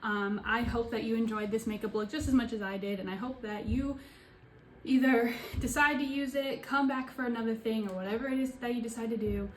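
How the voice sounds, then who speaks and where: A woman's voice: on the high side, fairly even intonation, fairly quick, slight background noise. A young woman narrating a makeup tutorial in a casual, sassy way, with joking asides. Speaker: beauty vlogger.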